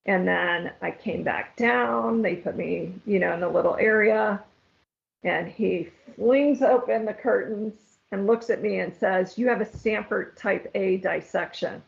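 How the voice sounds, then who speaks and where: In an interview, a woman guest tells her own story in a creaky, mid-range voice. She is earnest and emotional, speaking haltingly and sometimes tearfully, and the lo-fi recording sounds slightly dull.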